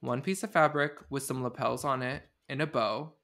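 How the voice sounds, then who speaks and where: Bright-voiced, sarcastic male podcast host. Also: medium pitch, moderate pace. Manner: animated, sarcastic storytelling. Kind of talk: casual comedic chat.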